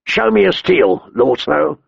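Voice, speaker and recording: A man narrating a story and voicing a cruel, mocking master-at-arms who speaks in a sharp, cold voice. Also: fairly high pitch, very animated, measured pace, gravelly, breathy edge, no room sound, lo-fi sound, heavily acted. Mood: cold taunting. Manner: taunting, mocking.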